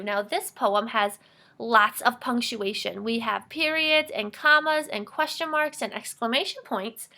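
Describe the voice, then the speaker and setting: Bright, expressive woman teacher. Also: fairly high pitch. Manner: clear, encouraging, slow and expressive when modeling reading. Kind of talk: reading fluency lesson for children.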